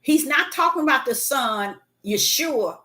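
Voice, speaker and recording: Bright-voiced woman preaching a sermon. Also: high-pitched, lively intonation, a little slow. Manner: repetitive, emphatic, many fillers and restarts. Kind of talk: sermon teaching.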